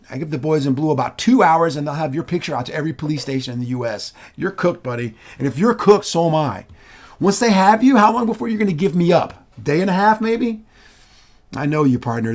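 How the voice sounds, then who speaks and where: A man's voice: a little high, expressive, fairly quick. An actor in a stage reading playing a reformed ex-convict who reasons urgently with his partner. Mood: tense. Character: reformed male ex-con, tense and calculating.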